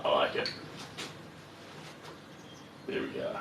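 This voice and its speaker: A man's voice: slow, fairly bright tone, slight background noise. A man live-streaming while he paints. He chats casually, mutters to himself as he works, and greets viewers. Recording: roomy echo, voice far from the mic, faint ambience.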